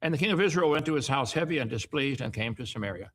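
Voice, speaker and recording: A man's voice: mid-range voice, animated, fast, a bit bright. A middle-aged man reading Bible passages aloud and breaking off into folksy asides that often end in "okay?". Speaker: Bible teacher. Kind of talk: reading and commenting on scripture.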